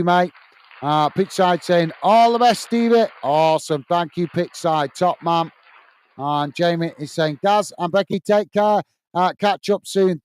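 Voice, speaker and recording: A man's voice: sits high, clear, resonant tone. A British man hosting a casual live stream, reading out viewer comments and thanking them with lots of "uh" fillers and friendly sign-offs. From United Kingdom.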